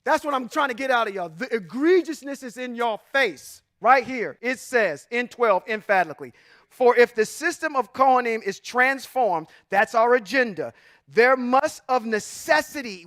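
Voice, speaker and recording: In this sermon-style Bible teaching, a very high-pitched man reads verses to a congregation and dissects them, preaching emphatically and alternating between loud declarations and quiet asides. The audio is studio quality with no room sound.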